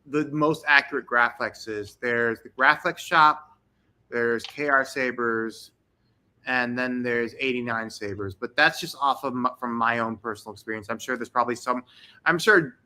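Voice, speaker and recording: A man's voice: mid-range voice, moderate pace, pushed and bright. A man talking enthusiastically and at length as a guest on a livestream video call. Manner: enthusiastic, rambling. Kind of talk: casual livestream chat.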